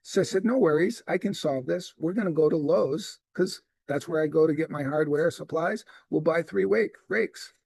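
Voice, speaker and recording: A man's voice: a little high, moderate pace, vocal fry, hardly any pauses, slightly rough, no room sound. A middle-aged man giving a sales training talk, telling stories and acting out the dialogue in them. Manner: animated storyteller acting out dialogue. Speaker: real estate sales trainer.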